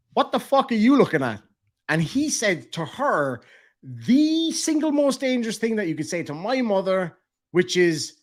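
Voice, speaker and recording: A young Irish man with a lively, animated delivery, telling a comic story and laughing as he swears. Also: a little high. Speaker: vlogger.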